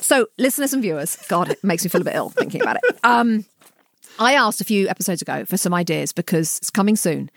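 A woman co-hosting a podcast, telling lively stories in casual chat and laughing often. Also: medium pitch, fast talker, creaky, no echo, clean studio sound. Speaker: podcast co-host.

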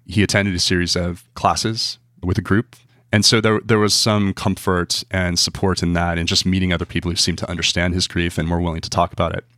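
A man's voice: low voice, flat delivery, a little fast, a bit bright, dry recording, studio quality. A man, a journalist guest in an interview, speaking thoughtfully and repeating words as he searches for them. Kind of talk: interview conversation.

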